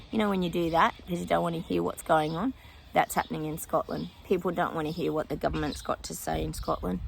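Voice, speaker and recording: A woman's voice: lowish voice, flat delivery, fast talker, creaky, slight background noise. A woman psychic vlogging her predictions outdoors in casual chat, often breaking off to talk to her dog.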